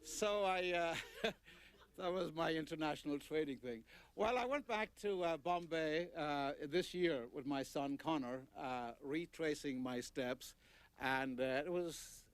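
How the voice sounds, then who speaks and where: Older author, slow anecdotal storyteller, slightly raised pitch, dry close sound. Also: male voice, no echo. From Ireland. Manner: rambling anecdotal, full of "uh"s. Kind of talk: storytelling at a book talk.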